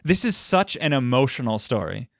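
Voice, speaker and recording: A man's voice: mid-range voice, big pitch swings, moderate pace, creaky, dry recording, studio quality. Joking man co-hosting a film podcast. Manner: joking, opinionated, talks over his co-host. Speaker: podcast co-host. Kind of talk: casual chat about a film.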